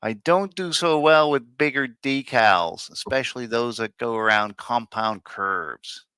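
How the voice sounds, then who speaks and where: A man putting on an exaggerated, clumsy Chicago accent, speaking slowly and deliberately. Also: mid-range voice, pushed and bright, clean tone, no room sound. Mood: mock-American.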